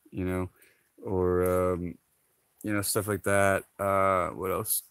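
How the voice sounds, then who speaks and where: Slow, low-voiced man rambling casually. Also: flat delivery, fairly bright tone, smooth, dry recording. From Hawaii. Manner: laughs often, rambling with many fillers. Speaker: vlogger. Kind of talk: casual chat to camera.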